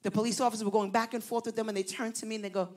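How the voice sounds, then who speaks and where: A woman pastor telling a story in a sermon, animated and rising to loud emphasis. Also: a little high, very fast.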